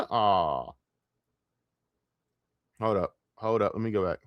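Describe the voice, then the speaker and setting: A man's voice: on the high side, measured pace, long pauses, no echo, studio quality. A man streaming alone, rambling in casual talk with a lot of swearing, trailing off and laughing to himself. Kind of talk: casual solo livestream rant.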